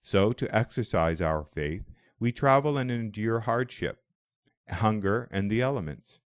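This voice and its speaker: Guy doing a calm old hermit monk in a storybook, deep booming voice, kind and welcoming. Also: unhurried, no room sound, clean studio sound. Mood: earnest. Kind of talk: audiobook dialogue.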